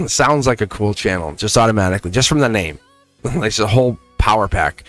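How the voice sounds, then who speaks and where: A man's voice: fairly low pitch, animated, brisk, fairly bright tone, dry recording, faint music behind. Chatty, laughing male tarot host. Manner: chatty, encouraging, laughs often. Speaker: tarot reader and livestream host. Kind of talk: casual livestream chat.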